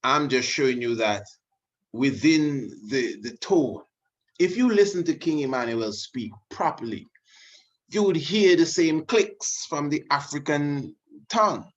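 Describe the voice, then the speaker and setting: A male religious video host teaches in an informal, wandering monologue, peppered with asides, you-knows, and restarts. His voice is fairly high with lively intonation, and he takes an unhurried pace. The recording is muffled and lo-fi.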